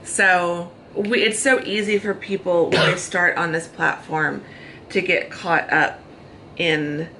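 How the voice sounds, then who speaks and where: American woman, thirties, chatty vlogger, bright tone, slight vocal fry. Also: lowish voice, steady tone, takes it slowly, a little hiss or hum, poor audio. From United States. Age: 30s. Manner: chatty, talks in long run-on thoughts. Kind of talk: casual chat. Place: hotel room.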